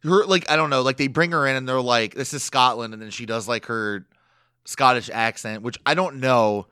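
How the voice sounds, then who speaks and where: A man's voice: mid-range voice, moderate pace, pushed and bright, smooth, no room sound, studio quality. A young man co-hosting a podcast, chatting casually in a rambling way full of fillers and frequent laughs. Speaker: podcast co-host. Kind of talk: casual chat recapping a reality show.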